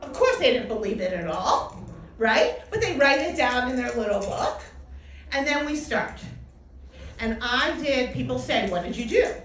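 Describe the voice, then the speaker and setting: A middle-aged woman giving a personal testimony talk, telling her story in a lively way and acting out what people said. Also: sits high, measured pace. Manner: animated storytelling with acted-out quotes. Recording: echoey hall, distant mic, faint noise.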